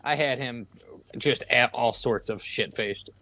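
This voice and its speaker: A man's voice: mid-range voice, unhurried, no room sound. A man in casual chat, telling rowdy stories with lots of swearing and acted-out quotes. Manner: animated, profane storyteller acting out quotes.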